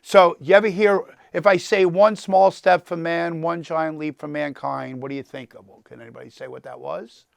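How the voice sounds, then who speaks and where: List: man, 60s, New York accent, gravelly, slightly high voice, chatty lecturer, dry close sound. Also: normal speed, hardly any pauses, no room sound. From New York, the Bronx. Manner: talkative, animated, quizzes the audience. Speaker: guest lecturer, entertainment attorney. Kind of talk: storytelling lecture to a class.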